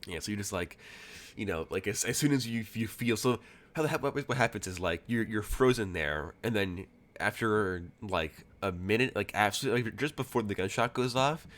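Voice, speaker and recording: A man's voice: on the low side, moderate pace, a bit bright. A man narrating as game master, rambling with many fillers and restarts.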